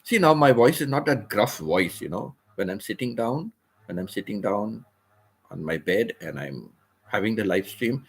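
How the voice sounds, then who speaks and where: A man hosting a casual livestream, explaining words patiently and repeating phrases, with the occasional throat clear. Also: lowish voice, animated, moderate pace. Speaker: livestream host. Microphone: computer or phone mic, seated.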